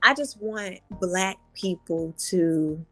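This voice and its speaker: A woman's voice: on the low side, lively intonation, slow, sharp tone, no room sound, faint music behind. A woman in her thirties, a podcast guest talking candidly and expressively, acting out her own thoughts as quotes. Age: 30s. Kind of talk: casual candid conversation.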